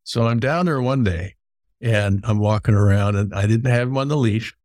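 Fairly low and a little mellow, the voice of this middle-aged man moves at a moderate pace in a clean studio with no echo. As a podcast host in an interview, he spins long conversational stories and repeats words when starting sentences.

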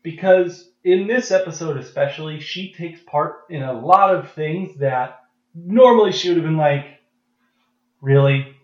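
A man's voice: on the high side, moderate pace. Man, podcast co-host, casual chat, hesitant fillers, echoey room. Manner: relaxed, hesitant with many fillers. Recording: echoey, dull lo-fi sound.

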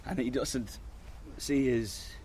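A man's voice: mid-range voice, fairly even intonation, takes it slowly, a little mellow. A man speaking about a golfer he supports, proud and choked up. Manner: choked up and proud, laughing through it. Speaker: supporter speaking after the win. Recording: faint outdoor noise.

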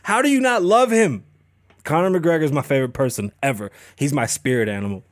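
A man's voice: a little high, fairly quick, no echo. A man hosting a podcast, ranting casually and profanely with lots of swearing. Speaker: podcast host. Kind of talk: casual chat.

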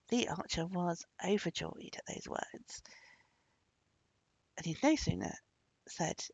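A woman tells a folk tale in a storybook narration with a lively, swinging intonation. Her voice has a gravelly texture. The recording is dry and sounds dull and lo-fi. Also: lowish voice, a little slow, no room sound.

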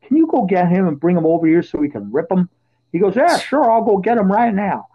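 A high-voiced man hosts a podcast in a casual storytelling chat, turning animated and loud whenever he quotes his own shouting. The audio is dull and lo-fi. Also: quick pace. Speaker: podcast host.

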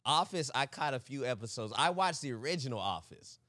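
A man's voice: mid-range voice, expressive, fairly quick, bright, forceful tone, dry recording, clean studio sound. A man co-hosting a podcast in casual chat, teasing his friend and laughing often. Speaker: podcast co-host.

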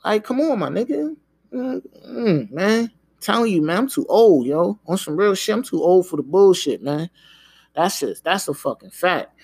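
A man's voice: sits high, expressive, creaky, a little mellow, slightly rough, dry recording. A man hosting a podcast, ranting in a casual, emphatic way. He swears freely and keeps tossing in "man" and "yo". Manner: emphatic, profane, repeats "man" and "yo"; talks in quick bursts. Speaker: podcast host.

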